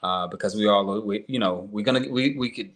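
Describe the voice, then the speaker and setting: A man's voice: fairly low pitch, a little fast, a bit bright. A man speaking as a guest on a live-streamed interview, talking earnestly with plenty of "um" and "you know" fillers.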